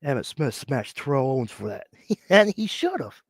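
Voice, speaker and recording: A man's voice: medium pitch, moderate pace, dry recording. A man hosting a live sports stream, ranting and mocking rival teams while sick with a cough. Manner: animated, mocking, mimics players. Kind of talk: casual live-stream rant.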